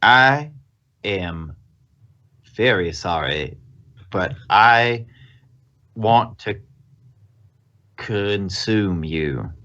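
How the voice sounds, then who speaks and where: A man voicing the eerie, hungry voice of a chameleon creature, speaking slowly and low with polite menace. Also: animated, sharp tone, lo-fi sound, exaggerated voice. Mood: menacing. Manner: slow, low, apologetic menace.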